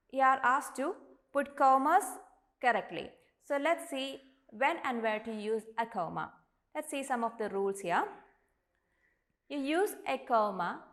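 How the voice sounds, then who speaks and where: A woman teacher with an Indian English accent, giving an online lesson and sounding out each word slowly and deliberately. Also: a little high. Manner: slow, deliberate, models each word aloud.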